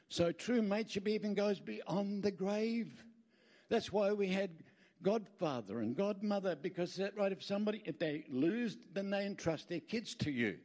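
Lively Australian preacher, fairly high voice. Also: male voice, moderate pace. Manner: lively storytelling with jokes and asides. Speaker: pastor. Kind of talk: sermon.

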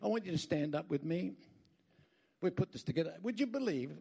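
A man's voice: fairly high pitch, animated, a little fast, vocal fry, dark tone, slightly rough. An Australian man speaking as a guest at a church, preaching emphatically, telling folksy stories with rambling asides and calling out for amens. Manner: emphatic, calls out for amens from the crowd.

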